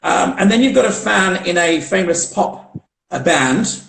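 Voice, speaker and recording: A man's voice: high-pitched, lively intonation, measured pace, creaky, fairly bright tone. A man hosting a casual live video chat interview, chatty and giggly, with lots of fillers and restarts. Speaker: host. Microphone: video call. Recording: roomy echo on a video call.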